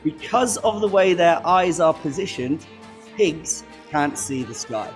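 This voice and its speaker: A man's voice: fairly high pitch, lively intonation, measured pace, faint music behind. A young man co-hosting a school radio show in casual chat. He laughs often and restarts his sentences.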